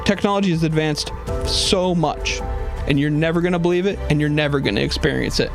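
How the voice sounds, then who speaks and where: A man's voice: a little high, gravelly, music in the background. A man playing a taunting prison guard. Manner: taunting, brisk. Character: smug male prison guard taunting inmate.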